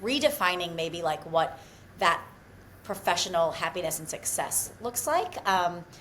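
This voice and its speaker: A woman's voice: fairly low pitch, expressive, measured pace, a little hiss or hum, low-quality recording. A woman from Australia with an American accent, hosting a casual podcast chat and talking in a loose, filler-heavy way. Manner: warm, chatty, heavy on fillers like "um" and "like". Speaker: podcast host.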